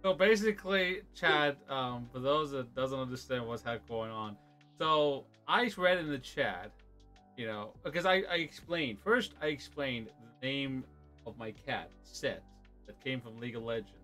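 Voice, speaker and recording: A male host chats on a live stream from his room, with an easygoing, halting manner and frequent restarts. His mid-pitched voice is bright and animated, rising and falling freely. Faint music plays behind him. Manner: easygoing, halting, lots of uh-huhs. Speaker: show host. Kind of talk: casual livestream interview. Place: home room.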